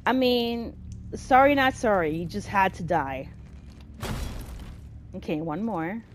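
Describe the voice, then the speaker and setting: Woman gameplay commentator, unhurried, expressive, quick to vent frustration. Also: medium pitch, slight background noise. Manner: expressive, easily exasperated, talks to herself. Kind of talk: casual let's-play commentary.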